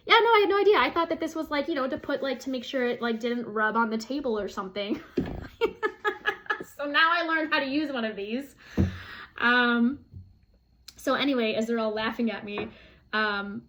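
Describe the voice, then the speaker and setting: A woman talks casually to her camera in a vlog, in a voice pitched a little high. She rambles in a friendly way, with plenty of fillers, and laughs at herself. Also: normal speed, long pauses, pushed and bright. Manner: chatty, giggly, self-deprecating with many fillers. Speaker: flosstube vlogger.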